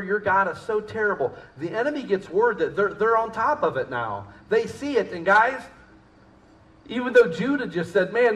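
A man preaching a sermon, moving between soft, quiet asides and loud, emphatic peaks. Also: high-pitched, far from the mic. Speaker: pastor. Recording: echoey room, voice off-mic with faint ambience.

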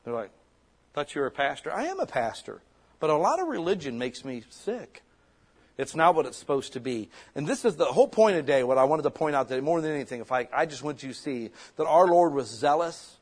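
Pastor, middle-aged man, fervent conversational sermon, husky and fairly high-pitched. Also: big pitch swings, moderate pace, a little mellow. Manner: impassioned, conversational preaching with rhetorical questions.

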